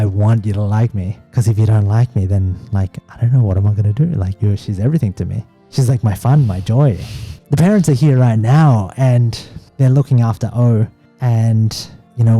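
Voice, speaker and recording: A man in his thirties thinks out loud in a relaxed conversation, candid and a little rambling as he searches for the point. His voice sits dark and mellow, with quiet music playing underneath. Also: mid-range voice. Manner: candid, rambling, self-reflective. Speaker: podcast co-host. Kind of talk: casual conversation with his partner.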